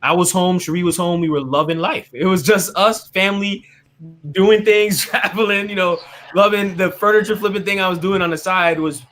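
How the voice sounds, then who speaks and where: A man being interviewed, telling his faith story in a casual, animated way. He often tags his sentences with "right?" and acts out what other people said to him. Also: high-pitched, moderate pace, a little hiss or hum. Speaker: interview guest.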